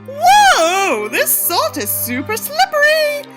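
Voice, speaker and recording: A woman voicing a goofy teenage boy who shouts with excitement. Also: extremely high pitch, slow, over loud music, pitched above the performer's own voice, full character voice. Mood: excited.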